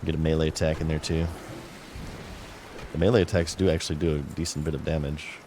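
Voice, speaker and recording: At a fairly quick pace, a man with an extremely low-pitched voice chats casually through a game stream, slight background noise underneath. He's relaxed, chatty, and mutters to himself as he plays.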